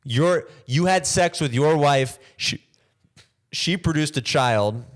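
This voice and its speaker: A man's voice: a little high, takes it slowly. A man hosting a comedy podcast, riffing jokingly and acting out little bits in other voices. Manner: animated, jokey, acts out bits in other voices. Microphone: camera mic without a boom arm.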